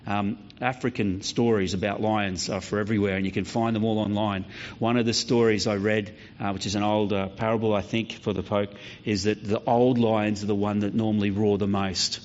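A man preaching a sermon, telling stories and acting out voices along the way. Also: fairly low pitch. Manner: storytelling preacher, acts out voices, lively. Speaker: pastor. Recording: slightly dull lo-fi sound.

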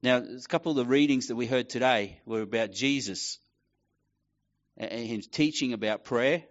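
A man's voice: mid-range voice, normal speed, muffled recording. A middle-aged man preaching a casual sermon, acting out quoted voices as he tells a story. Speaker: pastor.

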